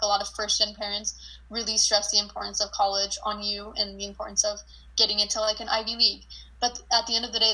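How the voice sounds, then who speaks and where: A young woman co-hosting a podcast in loose, rambling chat, her speech thick with fillers and easy laughter. Her tone is bright and forward, and she swears offhandedly. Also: mid-range voice, poor audio. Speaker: podcast co-host. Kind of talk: casual chat.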